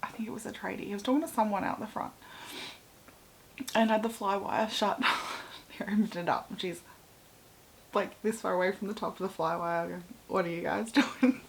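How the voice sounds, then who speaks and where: A young Australian woman talks casually at a mid pitch, rambling with plenty of fillers. Her voice often drops into a breathy half-whisper, and a faint hiss sits under the recording. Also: steady tone, fairly quick, pauses often, rough recording. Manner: chatty, many fillers, dips into soft breathy half-whispers. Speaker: vlogger. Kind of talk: casual personal storytelling.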